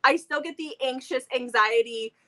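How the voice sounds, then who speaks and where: A woman's voice: high-pitched, moderate pace, sharp tone. A woman in her thirties, co-host of a book channel, chatting casually and enthusiastically about books. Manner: enthusiastic, talkative, laughs often.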